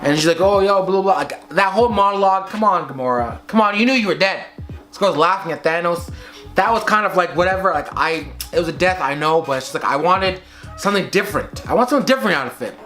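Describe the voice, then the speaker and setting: A man giving a casual, excitable movie review at home, speaking straight to his viewers and calling them guys. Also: high-pitched, fast talker, soft background music. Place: at home, filmed by his girlfriend.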